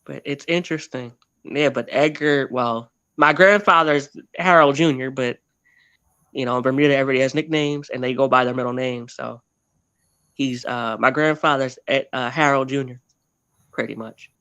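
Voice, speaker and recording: Rambling, bright-voiced male interview guest. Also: mid-range voice, moderate pace, clean tone, no echo. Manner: rambling, often correcting himself mid-sentence. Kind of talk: casual storytelling interview.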